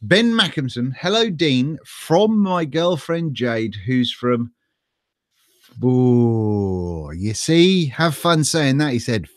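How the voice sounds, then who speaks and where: A man's voice: medium pitch, lively intonation, slow pace, dry recording, studio quality. A man from Norfolk hosting a live stream, reading viewers' chat messages in a rambling, joking way that is sprinkled with laughs and casual swearing. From Norfolk, England.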